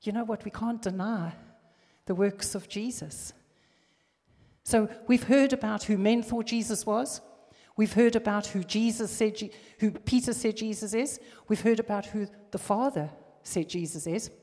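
A woman's voice: medium pitch, normal speed, warm tone, big-room sound. A woman preaching a sermon, reading scripture and building to emphatic, fervent exhortation.

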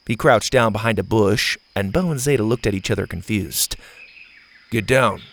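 A man narrating a children's adventure story with an animated, expressive reading. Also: on the low side, brisk, gravelly, a little hiss or hum.

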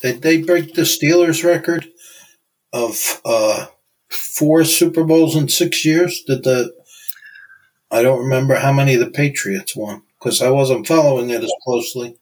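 Regular-pitched guy, easygoing football talk, lots of "you know". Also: low-quality recording. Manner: measured, conversational, uses fillers like "you know". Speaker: podcast co-host. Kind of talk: casual sports chat.

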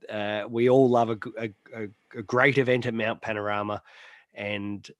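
A man's voice: fairly low pitch, flat delivery, moderate pace, no echo, highs cut off. An Australian man hosting a motorsport podcast, chatty and teasing, reading sponsor plugs between banter. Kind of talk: casual chat.

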